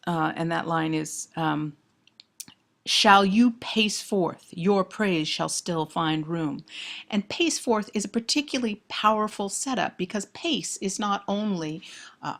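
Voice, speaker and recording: In a low-ish, gravelly voice, a woman lectures on poetry through close reading. She's thoughtful, leans on key words for emphasis, and reads the verse slowly aloud.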